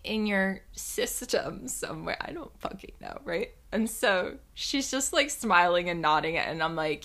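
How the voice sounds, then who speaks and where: A young woman telling a personal story in a casual, animated, self-mocking way, swearing freely as she goes. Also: fairly low pitch, a little slow.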